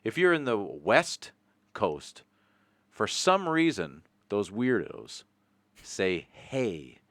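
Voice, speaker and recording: Canadian guy, lowish smooth voice, dry close sound, jokey rambling podcast chat. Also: wildly swooping pitch, takes it slowly, fairly bright tone, no room sound. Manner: rambling, jokey, swears casually. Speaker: podcast host. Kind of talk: casual chat.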